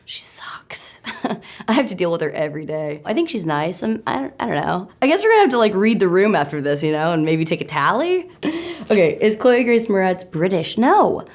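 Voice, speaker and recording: A young American woman in a casual interview, chatty and self-mocking, laughing often, her voice slightly raspy. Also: fairly low pitch, very animated, fast. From United States. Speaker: actor answering web search questions.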